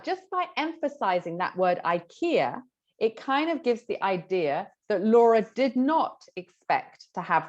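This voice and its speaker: A woman teacher walks students through exam tips in a chatty, easygoing way, filling pauses as she works through her examples. Her voice sits a little low, and the recording is somewhat dull and lo-fi. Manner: chatty, explains with examples, many fillers. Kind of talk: exam tips lesson to camera.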